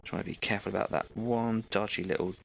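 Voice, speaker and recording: A man's voice: fairly low pitch, steady tone, quick pace, vocal fry, highs cut off, slight background noise. A man hosting an online painting stream, chatting casually and explaining each step while he works on a model. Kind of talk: casual chat while working.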